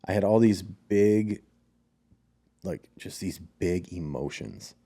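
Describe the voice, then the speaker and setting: Low, mellow-voiced man telling a story. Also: slow. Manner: recounts a dream, acts out family quotes, swears freely. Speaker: podcast co-host. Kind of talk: casual storytelling chat.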